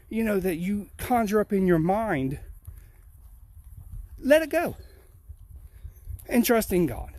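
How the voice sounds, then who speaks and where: Male pastor, high-pitched, earnest repeating cadence, a bit winded on an outdoor walk. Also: darkish tone, a little hiss or hum. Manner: earnest, repetitive preaching cadence. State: slightly out of breath from walking uphill. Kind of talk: outdoor livestream devotion. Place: outdoors on a rural hill.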